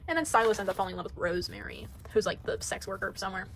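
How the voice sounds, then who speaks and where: A woman's voice: mid-range voice, animated, very fast, fairly bright tone, a little hiss or hum, rough recording. A woman giving a casual tour of her sketchbook, gushing and rambling, often trailing off into mumbles. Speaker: artist showing her sketchbook.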